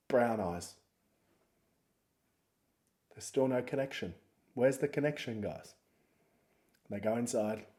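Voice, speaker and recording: Mellow-voiced podcast host. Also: male voice, fairly low pitch. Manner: rambling, jokey, self-mocking. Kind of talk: casual podcast intro chat.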